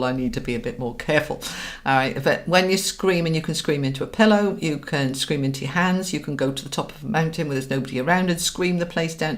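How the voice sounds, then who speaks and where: A middle-aged woman speaks to viewers of a live stream as a spiritual coach. Her voice sits low, and she talks in an earnest, guiding way, often stopping to ask "all right?" or "okay?".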